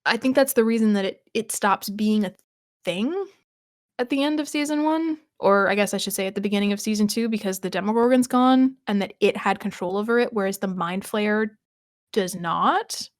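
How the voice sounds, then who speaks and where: A woman chats on a rewatch podcast in a mid-range voice, recapping scenes and musing aloud with quick restarts and laughs. Her voice sits close and dry on the mic, with no room sound around it. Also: medium pitch, no room sound. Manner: chatty, thinking aloud with frequent restarts and laughs. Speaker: podcast co-host. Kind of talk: casual rewatch podcast chat.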